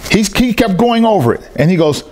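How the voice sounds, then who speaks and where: A man with a voice that sits high speaks fairly quickly while preaching a sermon in a church hall. He tells personal stories with animation, acting out the lines of the people in them.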